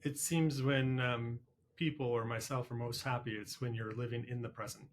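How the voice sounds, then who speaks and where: Relaxed male podcast host. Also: mid-range voice, moderate pace, a little hiss or hum. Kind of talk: interview questions.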